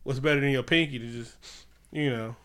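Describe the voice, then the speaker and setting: A man's voice: medium pitch, steady tone, a little fast, fairly bright tone, clean tone. A man co-hosting a casual movie recap podcast, loose and joking, laughing often. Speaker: podcast co-host.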